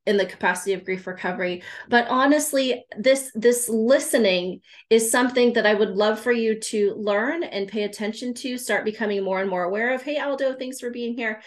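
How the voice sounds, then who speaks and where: A woman's voice: fairly high pitch, moderate pace. A woman who works as a grief recovery specialist, talking live to viewers in an earnest way. She repeats words for emphasis and greets viewers as she goes. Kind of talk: live-streamed talk to viewers.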